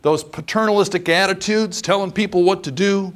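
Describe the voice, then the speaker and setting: A man's voice: high-pitched, brisk. A man teaching a training course lecture, chatty and demonstrative, often checking in with the class by asking "okay?". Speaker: instructor.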